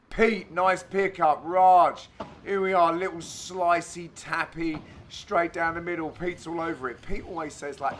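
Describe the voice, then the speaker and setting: A man giving a cheeky, crude comic voice-over commentary on an amateur padel match, bursting into sudden shouted exclamations. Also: on the high side, a little hiss or hum.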